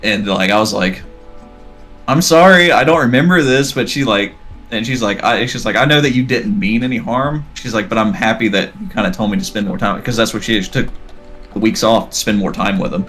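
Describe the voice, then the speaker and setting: A man's voice: lowish voice, fairly even intonation, fairly quick, fairly bright tone. A man telling a long, rambling story in casual podcast chat, acting out the dialogue as he goes. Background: faint background music.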